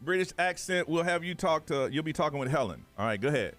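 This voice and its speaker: A man's voice: a little high, expressive, a bit bright, faint music behind. A man hosting a morning radio call-in show, joking and laughing with callers. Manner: joking, laughing, quick back-and-forth. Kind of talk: lively radio call-in banter.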